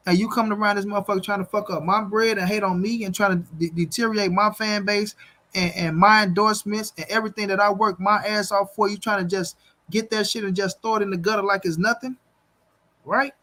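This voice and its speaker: A man's voice: high-pitched, fairly even intonation, a little fast, sharp tone. A man hosting a boxing channel, talking bluntly and with lots of profanity straight to his viewers on a livestream, and repeating his points for emphasis. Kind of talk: livestream commentary rant.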